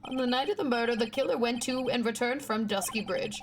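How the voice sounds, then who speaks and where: A woman voicing a calm, proud male lawyer from a courtroom game in a measured, even read. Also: fairly high pitch, a little hiss or hum, close to an everyday voice. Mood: composed.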